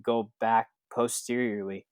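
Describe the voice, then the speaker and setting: A man's voice: lowish voice, measured pace, clear, resonant tone, no echo. A man, a certified athletic trainer, telling a story in a casual way, full of fillers, and acting out the dialogue. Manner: relaxed, acts out quoted dialogue with lots of fillers.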